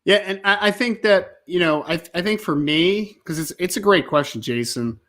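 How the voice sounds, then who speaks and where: A man's voice: sits high, normal speed, fairly bright tone. A man co-hosting a casual sports talk show, rambling and laid-back, leaning on "like" and "man.". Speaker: podcast co-host.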